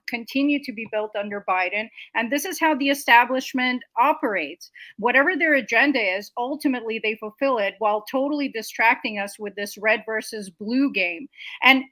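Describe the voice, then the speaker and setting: Bright, crisp woman with dry sound. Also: fairly high pitch, dry recording, rough recording. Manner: indignant, emphatic lists. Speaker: show host. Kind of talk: political commentary.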